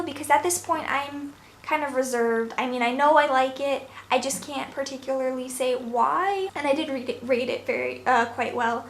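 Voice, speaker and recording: A woman's voice: high voice, fairly bright tone. A young woman from New York chatting casually through a book review, rambling and correcting herself with little laughs. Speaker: book vlogger. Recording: echoey room, faint noise.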